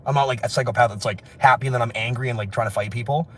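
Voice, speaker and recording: A man rambling through a livestream while walking city streets outdoors, excitable and laughing, his voice hoarse from screaming. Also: medium pitch, very fast, a little hiss or hum. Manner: excitable, laughing, shouting bursts.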